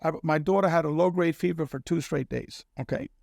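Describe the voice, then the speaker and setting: A man's voice: a little high, fairly quick, vocal fry, darkish tone, no room sound, clean studio sound. A middle-aged man from Cuba, a guest telling a personal story in casual conversation and often checking in with "okay?". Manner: earnest storyteller who keeps checking in with "okay?".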